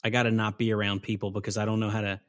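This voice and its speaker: A man in his thirties co-hosting a movie podcast, talking in a relaxed and reflective way. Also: fairly low pitch, rapid-fire. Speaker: podcast co-host. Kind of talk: casual movie podcast chat.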